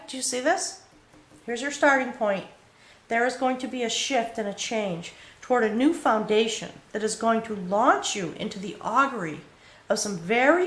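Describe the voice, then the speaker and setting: A tarot reader, a woman with a voice on the high side, gives an earnest, emotional spiritual reading directly to the viewer, frequently checking in with a soft "okay?".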